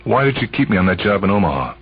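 A man's voice: fairly low pitch, big pitch swings, rapid-fire, breathy edge, phone-quality sound, faint music behind, pitched above the performer's own voice. A man reading a story, voicing a tense, suspicious man confined in an asylum. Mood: agitated.

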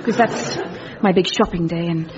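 An actress playing a melodramatic woman reunited with an old flame, slipping into deadpan asides, in a radio comedy. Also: fairly low pitch, moderate pace, crowd noise, close to an everyday voice. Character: dramatic woman returning to a lost lover. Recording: muffled recording with hiss.

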